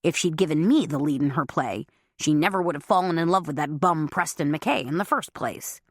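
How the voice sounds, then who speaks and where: A woman's voice: deep voice, fairly quick, dry recording, studio quality. A woman voicing a proud, stubborn older father who is cheerfully oblivious, in a storybook reading. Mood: grumbling. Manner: boastful, cheerful.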